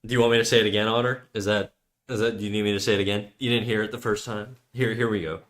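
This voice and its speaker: With a fairly low, fairly bright voice and a steady tone, this man talks rapid-fire. He's a Canadian streamer drawing live and chatting in crude, joking banter packed with profanity.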